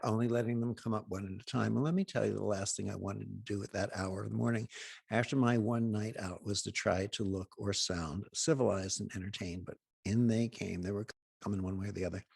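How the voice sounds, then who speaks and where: A man hosting a healing program, telling humorous anecdotes with wry asides and pauses. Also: on the low side, vocal fry, breathy edge, no room sound, studio quality. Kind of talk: humorous storytelling talk.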